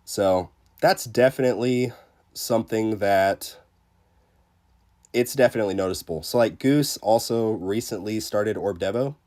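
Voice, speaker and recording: A man with a deep, low voice talks casually to his livestream viewers while fighting a cold. He sounds congested and under the weather. His speech rambles along in a relaxed way, full of fillers. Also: normal speed. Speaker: game streamer reading chat.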